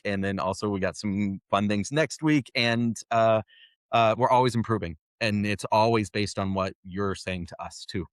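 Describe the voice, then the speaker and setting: A man giving casual interview answers in a fairly low voice, pausing and restarting as he works out his points. The sound is dry and close. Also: no room sound. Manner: halting, with many fillers and restarts. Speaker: software company guest.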